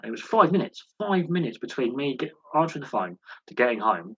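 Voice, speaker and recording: A man hosting a live sports Q&A, telling rambling anecdotes with lots of restarts and animated quoted dialogue. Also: mid-range voice, fast, breathy edge, no room sound, dull audio. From United Kingdom. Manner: rambling storytelling with frequent restarts and animated quoting. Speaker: host of a sports channel. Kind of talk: casual live Q&A chat.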